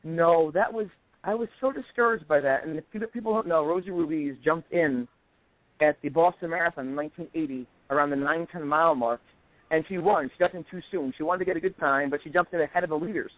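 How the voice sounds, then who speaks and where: Fast-talking man on a tinny phone line. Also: a little high, no room sound. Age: 40s. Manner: animated storyteller, acts out quoted voices. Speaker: guest. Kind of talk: casual chat.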